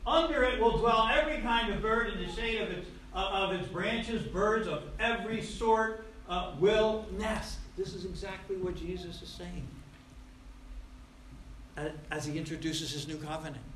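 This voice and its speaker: Male pastor preaching, bright sharp voice, punches words then goes quiet, echoey church. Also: high voice, moderate pace, a little hiss or hum. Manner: emphatic, swinging between loud stresses and quiet asides. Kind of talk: sermon. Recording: roomy echo.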